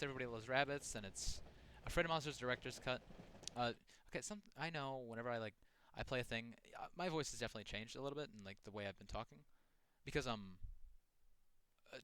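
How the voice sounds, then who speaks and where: Rambling young man with a bright voice. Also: medium pitch, clean tone, dry recording. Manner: rambling, halting, many fillers and restarts. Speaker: gaming channel host. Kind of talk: casual gameplay commentary.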